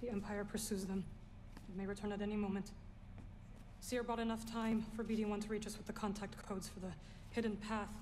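An actress playing a solemn game heroine. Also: female voice, medium pitch, level tone, fairly quick, a little mellow, slight background noise, close to an everyday voice. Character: grave woman character in a video game. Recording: game audio with long hall reverb.

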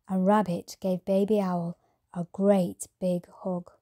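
A woman calmly reading a bedtime story aloud as storyteller. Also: mid-range voice, slow pace. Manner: calm, gentle reading.

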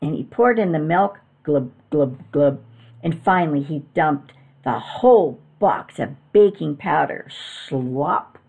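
A woman reading a storybook aloud as a teacher, expressive and adding sound effects. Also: low voice, moderate pace, vocal fry, few pauses, husky.

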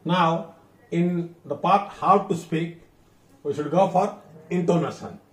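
A high-voiced man with an Odia accent teaches a lesson, spacing his words out and saying each example twice. He sounds some distance from the mic, in a room that echoes. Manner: slow, deliberate, repeats words. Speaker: English teacher. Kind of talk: classroom lesson.

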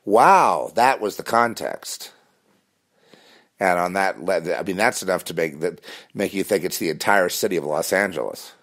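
Man, very low voice, rambling spiritual monologue, intense, repeats himself. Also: expressive, moderate pace, a bit bright. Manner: intense, repetitive, many restarts and fillers.

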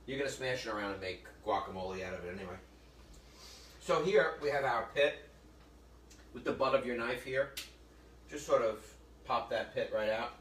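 A middle-aged man leads a relaxed cooking demonstration, joking with the audience and wandering into stories. His voice sounds set back from the mic in an echoey kitchen. A faint room hum sits underneath. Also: medium pitch, normal speed, long pauses, distant mic. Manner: chatty storyteller, jokey asides to viewers. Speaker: cooking show host.

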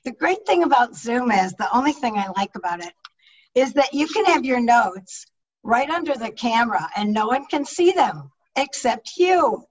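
A middle-aged woman, a public speaking coach, teaching an online leadership talk with energetic, emphatic delivery over a video call microphone. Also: fairly high pitch, moderate pace, slightly rough, far from the mic, dull audio.

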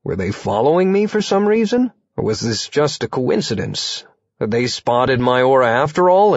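A man's voice: medium pitch, no room sound, dull audio. Wry male audiobook narrator. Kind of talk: first-person audiobook narration.

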